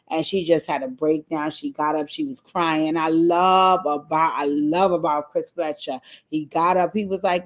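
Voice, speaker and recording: A woman with a somewhat low-pitched voice talks straight to her viewers as she recaps a reality show episode. She is chatty and animated and swears freely. She slips into the voices of the people she quotes. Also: normal speed.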